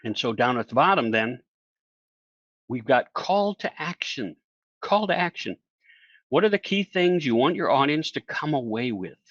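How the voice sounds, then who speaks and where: A man coaching virtual presenters in a lively online talk, who asks the audience questions and acts out other people's lines. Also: medium pitch, moderate pace, dry recording, muffled recording. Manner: animated, acts out quoted voices, asks listeners questions.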